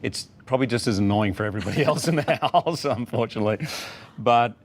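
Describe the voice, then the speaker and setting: A middle-aged man, a talk-show guest, telling a story in a relaxed, animated way and acting out the people he quotes. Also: medium pitch, fast. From Australia. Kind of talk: casual talk-show anecdote.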